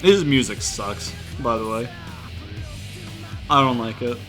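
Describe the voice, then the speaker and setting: A young man from outside the US giving rambling, profane let's-play commentary, breaking into loud exasperated rants. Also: medium pitch, animated, takes it slowly, over music. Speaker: gaming YouTuber.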